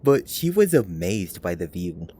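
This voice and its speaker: Man, low voice, casual co-host, eager, keeps prompting the teller. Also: big pitch swings, unhurried, mellow, a little hiss or hum. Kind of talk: casual chat.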